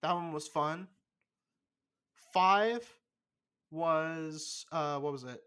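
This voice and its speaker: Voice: medium pitch, a bit bright, clean tone. Blunt, opinionated young podcast co-host. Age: young adult. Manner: blunt, opinionated, swears freely; loose, halting delivery with many fillers. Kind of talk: casual chat.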